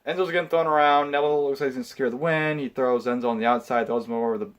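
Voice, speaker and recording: A man reviewing a wrestling event in a quick, rushed delivery, with plenty of swearing and heated ranting. He stumbles into restarts and ums as he goes, at a middling pitch. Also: clear, resonant tone. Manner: frequent filler words and restarts. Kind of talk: casual pay-per-view review.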